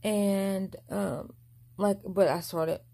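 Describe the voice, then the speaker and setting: Slow, gravelly-voiced young woman storyteller. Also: mid-range voice, warm tone. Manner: rambling, mumbled delivery with frequent restarts. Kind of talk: casual storytelling vlog.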